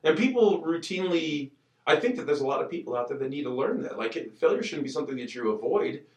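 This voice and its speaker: A man in a casual podcast chat tells stories with excitable energy. His pitch swings widely and sits a little high. He is recorded in an echoey room, somewhat away from the mic. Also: fast talker, recorded from a distance. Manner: animated, excitable storytelling.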